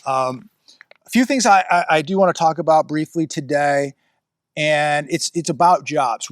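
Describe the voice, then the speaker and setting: A man's voice: on the high side, no echo, studio quality. Blunt rambling man talking outdoors. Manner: rambling, blunt, talks to his dog mid-thought. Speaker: vlogger. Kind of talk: casual outdoor commentary. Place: outdoors on a rural ranch. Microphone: phone or camera he adjusts himself.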